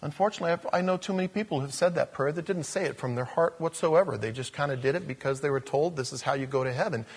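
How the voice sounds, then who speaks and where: A man preaching a conversational sermon, swinging between loud emphasis and soft asides. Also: a little high, fast talker, few pauses, breathy edge.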